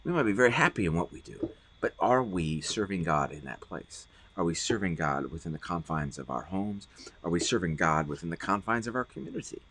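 A middle-aged male pastor delivering a podcast sermon in an earnest, heartfelt way, often doubling words as he presses a point. His voice sits low and a little husky, and his pitch rises and falls with lively emphasis. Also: fairly quick. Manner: earnest, repeats words when stressing points.

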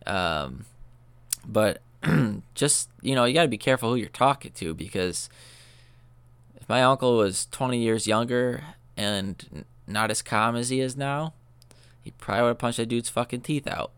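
A man's voice: medium pitch, measured pace, pauses often, fairly bright tone, smooth, no echo. A young man hosting a podcast, telling a story in loose, profane chat full of fillers. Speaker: podcast host. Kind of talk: casual rambling storytelling.

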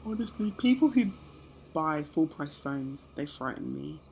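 Low, gravelly young woman. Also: big pitch swings, unhurried, a little hiss or hum. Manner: sassy, playful teasing with sudden loud outbursts. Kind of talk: casual chat.

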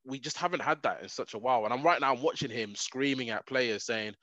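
A man, co-hosting a casual sports podcast in excitable, animated banter. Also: mid-range voice, fast, dry recording. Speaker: podcast co-host. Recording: dull, dry lo-fi mic.

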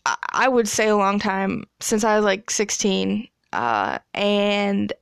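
A woman's voice: mid-range voice, slow, gravelly, smooth, no echo, studio quality. A woman in her twenties casually telling a story, chatty and profane, laughing as she goes. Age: 20s.

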